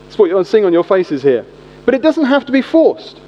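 Brief: male preacher in his forties, high voice, echoey church hall. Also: moderate pace. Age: 40s. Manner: humorous, animated storytelling. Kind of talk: sermon. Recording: echoey hall, dull lo-fi sound.

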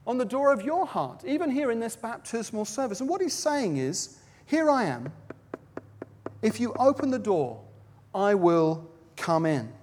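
A long hall reverb surrounds a high-voiced man preaching a sermon from a platform in a large venue during a baptism service. With flair, he tells Bible stories, delivering quotes dramatically and letting his volume rise and fall.

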